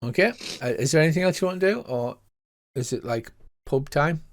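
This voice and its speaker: A man's voice: a little high, animated, fairly quick. An older man narrating as game master, hesitant, with many fillers.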